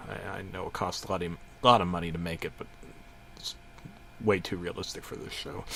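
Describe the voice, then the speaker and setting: A middle-aged man narrating a parody horror story in a mock-serious way, stumbling over his words. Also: on the low side. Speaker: creepypasta narrator.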